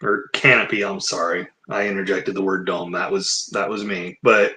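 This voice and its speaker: A man's voice: sits low, flat delivery, moderate pace, hardly any pauses, sharp tone, poor audio. A man giving sarcastic, rambling commentary, mixing book passages read aloud with mocking rebuttals. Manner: rambling asides. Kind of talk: casual commentary mixed with reading aloud.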